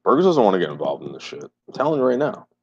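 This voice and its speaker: A man's voice: lowish voice, big pitch swings, fast, slightly rough. A man chatting on a livestream, repeating his phrases emphatically and swearing freely. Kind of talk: casual livestream chat. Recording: muffled lo-fi livestream audio.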